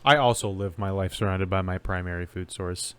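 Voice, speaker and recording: A man's voice: low-pitched, fairly quick, fairly bright tone, clear, resonant tone. A man co-hosting a casual podcast, making self-mocking jokes and rambling asides. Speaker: podcast co-host. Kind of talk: casual chat.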